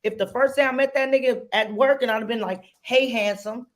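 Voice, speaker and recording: A woman's voice: on the high side, quick pace. A woman on a podcast in casual chat, telling stories bluntly and cursing freely. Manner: blunt, profane storytelling.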